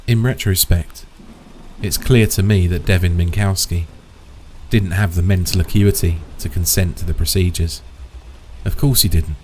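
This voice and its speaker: A man reading a first-person horror story in a measured, composed way. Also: low-pitched, steady tone, slight background noise, poor audio. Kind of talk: scripted first-person narration.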